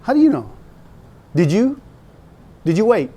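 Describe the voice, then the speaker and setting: A pastor in his fifties talks to young people with an animated, teasing style. His voice sits fairly high for a man and jumps around as he tells stories. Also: unhurried, slightly rough. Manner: animated, joking, conversational storytelling.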